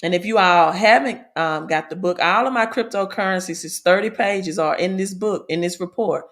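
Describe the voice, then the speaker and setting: Chatty Southern woman livestreaming. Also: fairly low pitch. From Mississippi, American South. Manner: chatty, repeats herself, tags sentences with "right?"; reads news aloud haltingly. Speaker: livestream host on crypto and money. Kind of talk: casual livestream talk.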